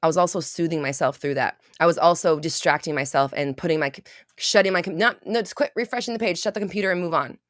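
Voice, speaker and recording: A woman's voice: fairly low pitch, fast talker, dry recording, clean studio sound. A woman hosting a manifesting podcast, talking in a blunt, emphatic and profane way in casual motivational chat. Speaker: podcast host.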